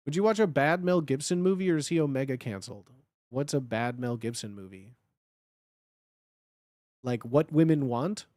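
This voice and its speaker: A man's voice: medium pitch, darkish tone, dry recording, studio quality. A man chatting casually as a guest on a livestream, rambling and full of filler words. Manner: rambling, with lots of filler words, and quick laughs. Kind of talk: casual chat.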